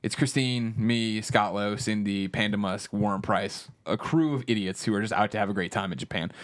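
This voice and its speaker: A man's voice: lowish voice, moderate pace. A man in his thirties co-hosting a casual chat show, telling a story and acting out quotes in shifted voices. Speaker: podcast co-host.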